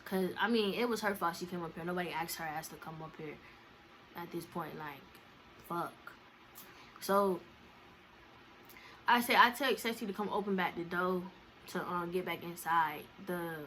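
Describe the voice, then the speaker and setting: A woman's voice: medium pitch, moderate pace, pushed and bright, a little hiss or hum. A young woman vlogger telling a story in a casual, slangy, profane way. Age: young adult.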